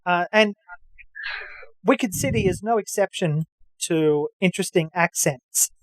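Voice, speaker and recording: A man's voice: high-pitched, measured pace, no echo, poor audio. A man hosting a podcast, chatting knowledgeably with lots of fillers and restarts. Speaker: podcast host. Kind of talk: casual chat.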